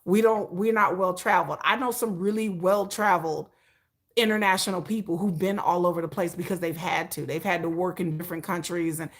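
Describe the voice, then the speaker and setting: A woman hosting a casual livestream, animated and opinionated, often breaking into laughter. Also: fairly low pitch, fairly quick. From United States. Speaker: livestream host.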